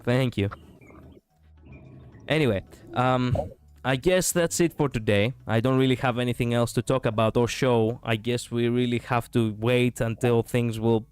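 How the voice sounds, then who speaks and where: A man's voice: mid-range voice, fairly even intonation, moderate pace, a little mellow, smooth. A man from Europe hosting a livestream, chatting casually, rambling and repeating himself with frequent laughs. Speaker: streamer host.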